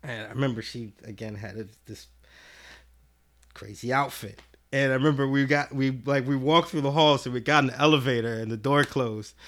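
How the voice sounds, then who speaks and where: A man's voice: medium pitch, a little fast. A man telling a story on a podcast in a casual, profane way, acting out what people said. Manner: profane, animated, acts out quotes. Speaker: podcast guest.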